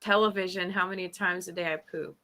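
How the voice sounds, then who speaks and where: A woman's voice: lowish voice, fairly even intonation, a little fast, sharp tone. A woman co-hosting a casual podcast, teasing the men and laughing along. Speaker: podcast co-host. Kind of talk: casual chat.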